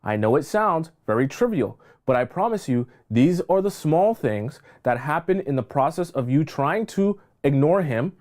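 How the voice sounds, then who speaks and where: A man's voice: on the high side, expressive, normal speed, few pauses, darkish tone. A man coaching on dating in a live stream, emphatic and scolding, repeating phrases for stress. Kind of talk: live-stream relationship advice.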